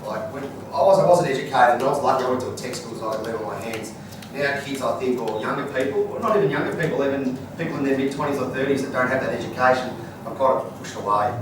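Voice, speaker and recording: As a guest speaker and business owner, an Australian man answers audience questions in a blunt, colloquial style, telling stories in a live Q&A. His voice is mid-range and his pace quick. The room is echoey and noisy, with the mic placed at a distance.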